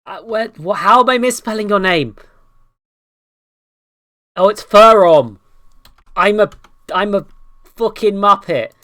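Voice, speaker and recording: A woman streamer commenting on a game in a rambling, excitable way and swearing often. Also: medium pitch, slow pace, long pauses. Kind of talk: casual gameplay commentary.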